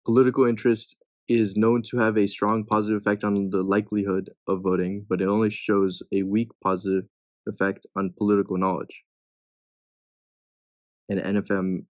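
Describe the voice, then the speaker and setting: Low-voiced young man tutoring, thinking aloud. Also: darkish tone, no echo. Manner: thinks aloud, reading answer choices and judging them. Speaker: test prep tutor. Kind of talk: casual explanation of test questions.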